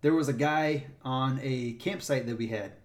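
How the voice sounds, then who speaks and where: A man with a mid-range voice chats casually, recounting stories from his work as a park ranger. He tells them in a lively way and plays out the voices of the people involved. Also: mid-range voice, normal speed. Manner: animated retelling, acts out the people in his stories. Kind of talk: casual storytelling chat.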